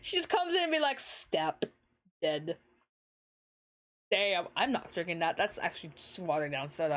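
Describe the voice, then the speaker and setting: A young woman streaming a game, chatting casually in an excitable, giggly, swearing way, often over-the-top about what she reads. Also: on the low side. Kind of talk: casual livestream chat.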